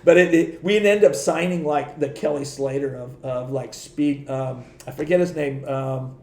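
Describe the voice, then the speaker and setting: A middle-aged man telling stories on a podcast in a casual, animated way, laughing often and acting out the voices of the people he quotes. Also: medium pitch, normal speed, echoey room. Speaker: podcast guest. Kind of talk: casual storytelling.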